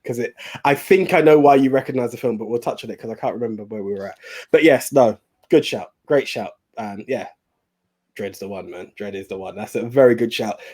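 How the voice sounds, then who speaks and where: A man's voice: mid-range voice, a little fast, darkish tone, slightly rough. A British man co-hosting a casual movie podcast, chatty and friendly. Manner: chatty, calls others bro. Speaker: podcast co-host.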